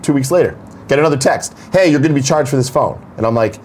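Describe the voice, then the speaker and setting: A man's voice: mid-range voice, quick pace, darkish tone, slight background noise. A young adult man co-hosting a casual morning show, telling a story and acting out the quoted lines in different voices. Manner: acts out quoted dialogue in shifting voices. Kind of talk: casual chat, animated storytelling.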